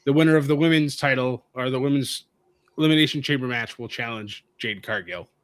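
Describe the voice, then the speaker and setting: A man with a mid-range voice recorded close and dry, co-hosting a relaxed wrestling chat. He walks through titles and matchups in a knowing, easy way. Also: mid-range voice, fairly quick, no echo. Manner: knowledgeable, explains matches and titles. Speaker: podcast co-host. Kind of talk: casual wrestling chat on a live stream.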